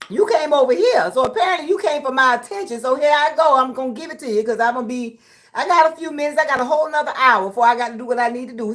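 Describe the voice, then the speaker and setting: A woman hosting a livestream, reading viewer comments aloud and trash-talking back with loud laughter. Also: high voice. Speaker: livestream host reading chat. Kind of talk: casual livestream chat.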